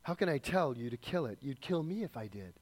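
A man's voice: medium pitch, very animated, a little fast, darkish tone, pitched above the performer's own voice. Man reading as a fearful, tormented ghost.

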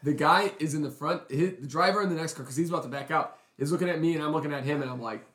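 A man in casual chat among friends, telling animated stories and laughing often. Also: fairly high pitch, very fast. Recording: roomy echo.

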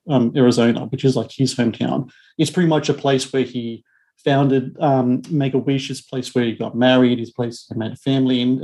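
Man, podcast host, mellow warm voice, loose rambling questions, faint music behind. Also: medium pitch. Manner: loose, filler-heavy questions. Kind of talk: interview questions and read ad.

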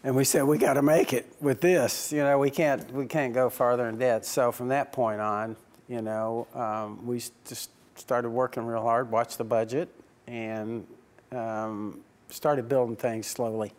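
A man telling his story in an interview, lively and animated, voicing each quoted line as he goes. His pitch sits in an ordinary middle range for a man. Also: unhurried. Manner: animated, acts out quoted dialogue with laughs. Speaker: racing team owner.

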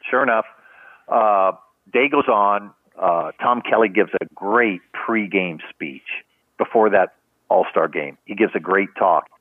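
A low-voiced older man spins a long, rambling anecdote, circling back with "you know" and halting restarts. His voice comes through a thin, phone-like line with no room sound at all. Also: dry recording. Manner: rambling anecdotes full of "you know" and restarts, acting out other people's lines. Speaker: guest, retired baseball team trainer. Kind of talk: casual storytelling in a podcast interview. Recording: tinny phone-like line, dry.

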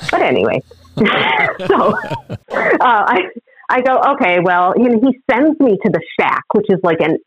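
Female guest, animated storyteller with a very expressive pitch, recorded dry and slightly dull. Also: no echo. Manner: lively, animated storyteller who acts out the other people's lines. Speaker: podcast guest. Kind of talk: storytelling in a casual interview.

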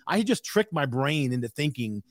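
A man's voice: medium pitch, sing-song, normal speed, no room sound, clean studio sound. A man in his sixties, a podcast guest telling a candid story in an emphatic way with frequent asides.

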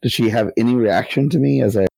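A man's voice: mid-range voice, fast, vocal fry, warm tone, no echo. A man playing in a tabletop game who thinks aloud and speaks hesitantly about his character's next move. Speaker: player.

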